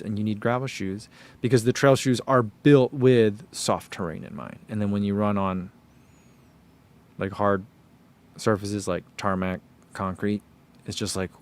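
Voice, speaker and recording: A man chatting casually on a vlog, rambling through running shoe thoughts and reading viewer comments aloud. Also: medium pitch.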